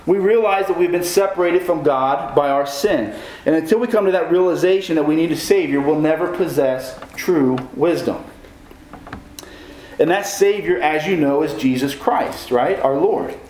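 A man's voice: a little high, moderate pace, darkish tone, a little hiss or hum. Man preaching in an echoey room. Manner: preaching with questions to the congregation. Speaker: pastor. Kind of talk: sermon.

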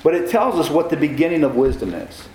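A man's voice: on the high side, lively intonation, brisk, a little mellow, slight background noise. Male pastor, raised voice, preaching in a reverberant church hall. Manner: preaching with questions to the congregation. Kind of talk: sermon.

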